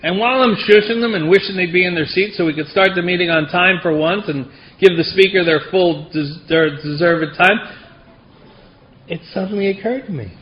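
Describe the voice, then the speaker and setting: A middle-aged man tells his own story at a recovery meeting in a wry, self-deprecating way. His voice sits a little high for a man. The recording sounds dull and muffled, with faint noise behind him. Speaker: AA speaker. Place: meeting hall.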